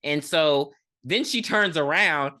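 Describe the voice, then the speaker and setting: Woman, low voice, bright tone, animated delivery, casual swearing, podcast co-host. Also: takes it slowly. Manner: casual, profane, retells the plot and acts out lines. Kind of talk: casual movie-review chat.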